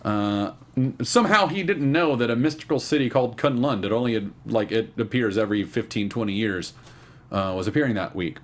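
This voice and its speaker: A young man co-hosting a podcast in casual chat, joking and acting out quotes in high voices. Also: a little fast. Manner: animated, jokey, acts out quotes in high voices. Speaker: podcast co-host.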